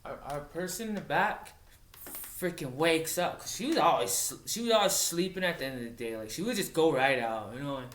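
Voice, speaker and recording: A man's voice: on the high side, animated, a bit bright. Firefighter guy telling a story, swears a lot, keeps restarting, echoey room. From Montana. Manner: profane, halting, with many restarts. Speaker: wildland firefighter. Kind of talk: casual spoken storytelling. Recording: roomy echoey recording.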